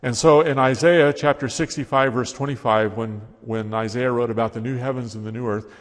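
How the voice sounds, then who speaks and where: Male preacher, steady expository delivery, long hall reverb. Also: medium pitch, a little fast. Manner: steady expository preaching, reading scripture aloud with rising emphasis. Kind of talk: sermon.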